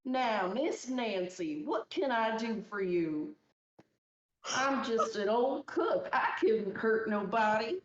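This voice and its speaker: A woman putting on a deliberately bad Western drawl to voice a folksy old male camp cook. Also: fairly high pitch, expressive, recorded from a distance, slight background noise, pitched above the performer's own voice. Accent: exaggerated bad Western drawl. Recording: dull echoey recording.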